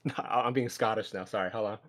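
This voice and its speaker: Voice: medium pitch, steady tone, fast, fairly bright tone. A player chatting at a tabletop game, joking and apologetic. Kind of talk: casual tabletop game chat.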